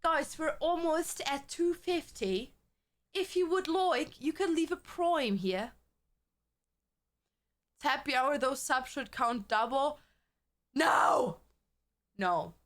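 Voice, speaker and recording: A woman's voice: sits high, slow pace. A woman from Germany, chatting casually with her viewers as a streamer, rambling and swearing freely.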